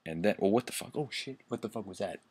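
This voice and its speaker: A man's voice: on the low side, expressive, quick pace, a little hiss or hum. A man reading badly written fan fiction aloud for laughs, amused and stumbling over misspelled words. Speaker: reader.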